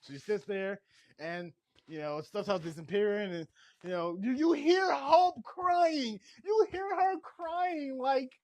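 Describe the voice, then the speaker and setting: A high-pitched man runs through a TV episode recap in a loose, rambling way, working himself up as he goes. He sounds short on sleep. The mic is close and dry, with no room sound. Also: slow pace, no echo. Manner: rambling, excitable, laughing and shouting as he recaps. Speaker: TV show reviewer. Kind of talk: casual spoiler recap.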